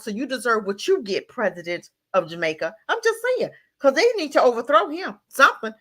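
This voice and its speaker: A woman's voice: on the high side, big pitch swings, fairly quick, hardly any pauses, fairly bright tone. A woman co-hosting a talk radio show, speaking with impassioned emphasis and firing off rhetorical questions. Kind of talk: heated opinion talk.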